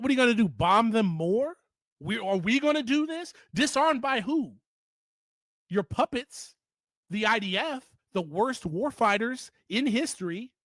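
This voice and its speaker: A man's voice: high voice, a bit bright, no echo. A man giving an opinionated political commentary monologue, heated and emphatic, repeating points for stress.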